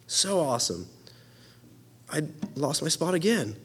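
Young man, casual sermon, earnest, enthusiastic, slightly high voice, stumbles and restarts. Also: big pitch swings, slow, long pauses, slightly rough.

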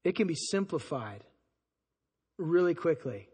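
High-voiced husky pastor in a reverberant hall. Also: male voice, a little slow. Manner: conversational, animated, acts out quoted people. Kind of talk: sermon.

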